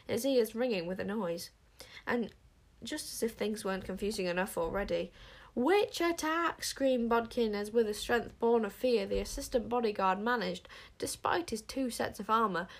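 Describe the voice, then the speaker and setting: A woman reads a children's storybook aloud with a mid-range voice. Her delivery is lively and expressive, and her pitch leaps when the story gets exciting. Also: creaky. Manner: lively, voices the characters with big pitch jumps. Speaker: audiobook narrator. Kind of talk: storybook reading.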